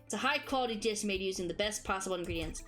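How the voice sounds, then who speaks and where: A woman's voice: mid-range voice, rapid-fire, a bit bright, soft background music, lightly acted. A woman voicing a stubborn, terse male master chef who talks bluntly. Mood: proud.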